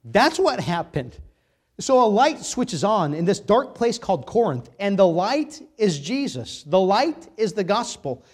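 A man preaching a sermon, reading scripture aloud with emphatic, dramatic swings between loud and soft. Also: sits high, very animated, a little slow, breathy edge. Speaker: pastor.

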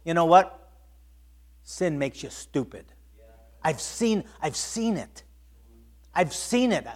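A male preacher giving a sermon, emphatic, repeating words and swinging from loud bursts to hushed tones. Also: a little high, very animated, slow.

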